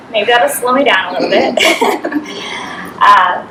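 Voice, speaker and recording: A woman with a Boston accent speaks to a live audience, earnest and a little nervous as her words tumble out quickly. She is heard from a distance in an echoey hall with a faint hiss behind her. Her pitch sits in an ordinary middle range for a woman. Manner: nervous, fast-talking, earnest. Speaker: speaker at a coaching event. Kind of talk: motivational speech to a live audience. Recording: echoey room from a distant mic with faint noise.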